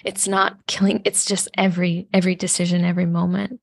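A woman's voice: lowish voice, flat delivery, brisk, vocal fry, husky, dry recording. A woman hosting a podcast in casual spiritual chat, a thoughtful and affirming listener. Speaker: podcast host.

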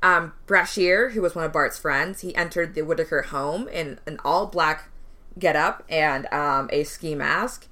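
Low bright-voiced young woman storyteller. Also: unhurried. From West Indian family, immigrant parents. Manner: relaxed storytelling with frequent ums, laughs between lines. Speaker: podcast co-host telling a true crime case. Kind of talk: casual true crime storytelling.

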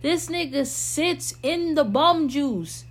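Animated New woman telling stories. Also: high voice, slow. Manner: animated, slangy, laughs often. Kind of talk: casual storytelling chat.

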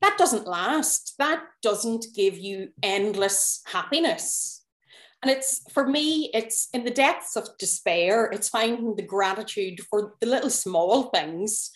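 A woman's voice: mid-range voice, expressive, slow. Thoughtful Northern Irish woman, echoey. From Northern Ireland. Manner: thoughtful, hesitant, laughs easily. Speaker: podcast guest. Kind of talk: casual interview chat.

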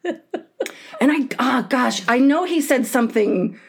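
Profane, animated woman telling a story. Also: high-pitched, slow, vocal fry, pauses often, husky. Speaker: podcast co-host. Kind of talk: casual chat.

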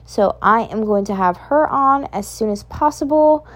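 A woman's voice: a little high, animated, normal speed. A young woman hosting a casual solo podcast, ranting in a profane, emphatic, motivational way. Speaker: podcast host.

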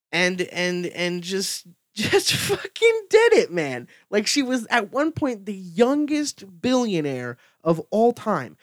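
A man's voice: sits high, dry recording, studio quality. A young man ranting casually, full of fillers and swearing. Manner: profane, filler-heavy, excitable storytelling. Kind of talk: casual rant.

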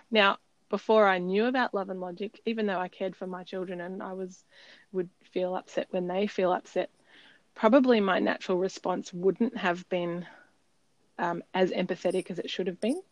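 This podcast co-host speaks at a normal speed in a mid-range voice with fairly even intonation. She's telling a personal story, earnest and reflective, with lots of ums along the way. It's casual storytelling, captured in a slightly dull, dry recording.

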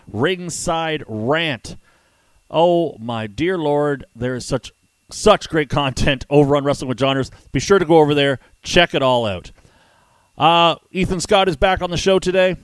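A man hosting a wrestling podcast and chatting casually, rambling quickly with self-deprecating asides. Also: a little high, clean tone, no echo. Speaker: podcast host and wrestling ring announcer.

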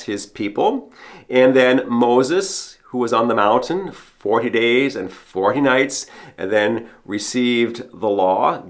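Man from Canada, mid-pitched, earnest homilist, repeats a key line. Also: fairly bright tone. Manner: earnest, repeats a refrain for emphasis. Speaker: priest hosting a podcast homily. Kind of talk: sermon.

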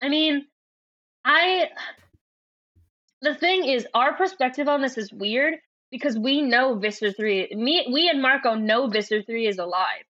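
A woman podcast co-host in easy book-club chat, with a bright, slightly high voice. She laughs often between thoughts. Her audio is muffled and dry, like an old lo-fi remote line. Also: animated, unhurried, dry recording. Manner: chatty, laughing, reads passages aloud. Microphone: remote call microphone.

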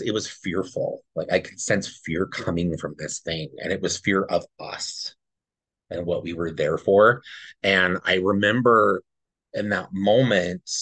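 Low, husky man telling a story. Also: a bit bright, dry recording. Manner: earnest, rambling, tags lines with "right?". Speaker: podcast co-host. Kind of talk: casual storytelling.

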